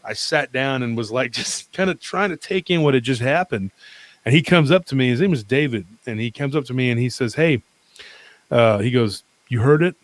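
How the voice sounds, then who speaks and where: A man telling a long personal story as a podcast guest, rambling and animated, with many fillers and restarts. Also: medium pitch, moderate pace, no room sound.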